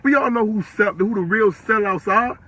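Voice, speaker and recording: A man's voice: high voice, moderate pace, bright, forceful tone, breathy edge. An eighteen-year-old man ranting on a live stream, furious and profane, firing the same questions again and again. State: upset and worked up. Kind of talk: angry live-stream rant.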